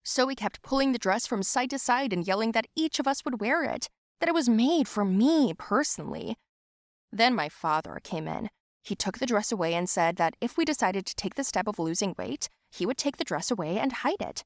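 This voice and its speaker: A woman narrating a first-person animated story in an expressive, lively way. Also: medium pitch, normal speed, no room sound, studio quality.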